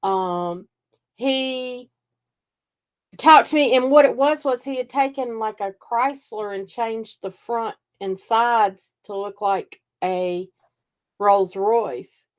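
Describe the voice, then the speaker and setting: A woman's voice: on the high side, slow pace. An older woman, a psychic reader and host, telling stories in casual chat and acting out the voices of people she quotes. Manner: animated storyteller, acts out quoted voices.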